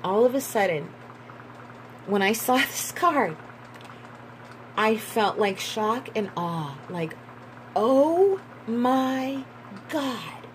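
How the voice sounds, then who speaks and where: A woman giving a tarot reading in a slow, musing way, repeating herself and breaking into excited bursts. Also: mid-range voice, a little hiss or hum, rough recording. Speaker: tarot reader.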